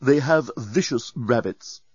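A man's voice: fairly high pitch, big pitch swings, normal speed, dry recording, voice pushed up. A man voicing a prim, snooty male doorbot robot in an audiobook, coldly polite and sniffy like a butler, on a dry, slightly dull recording. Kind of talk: audiobook character voice.

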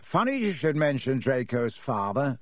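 A man's voice: mid-range voice, sing-song, normal speed, no room sound, natural voice. A man voicing a sneering, cocky teenage team captain who talks carelessly and nastily. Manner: careless, nasty, smug.

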